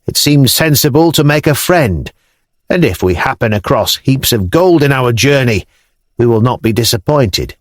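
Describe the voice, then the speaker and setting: A man's voice: mid-range voice, lively intonation, moderate pace, no echo, studio quality, lightly acted. A man voicing a confident young male Norse jarl who talks in a frank, easygoing way. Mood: frank, good-humoured.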